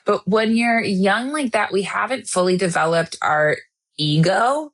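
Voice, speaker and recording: A woman's voice: mid-range voice, lively intonation, unhurried. A woman co-hosting a podcast who gives intuitive readings, talking in an earnest, enthusiastic way. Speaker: podcast co-host and intuitive reader. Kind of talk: casual chat.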